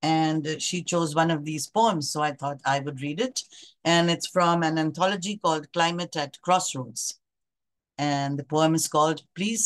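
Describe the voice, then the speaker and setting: A woman at an open mic reading her own poem in a measured, expressive way. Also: low-pitched.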